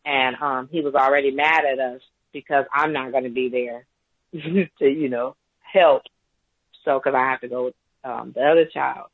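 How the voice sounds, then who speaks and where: A man's voice: mid-range voice, steady tone, moderate pace, vocal fry, dry recording. A man calling in to a talk show, telling a story in a rambling, hesitant way. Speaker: caller. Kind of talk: call-in talk radio account. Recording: tinny phone line, dry.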